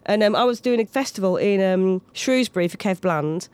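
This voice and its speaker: This comedian guest, a woman in her thirties, has a smooth mid-range voice and talks a little fast, with no room sound. She chats casually, animating her anecdotes with plenty of imitated voices.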